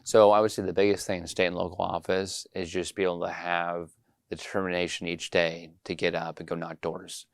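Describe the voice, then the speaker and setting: A man's voice: sits low, flat delivery, brisk, creaky, clear, resonant tone, no echo. A young man in his twenties from Iowa, a state politician telling campaign stories in a rambling interview with many fillers. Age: 20s. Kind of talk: casual interview storytelling.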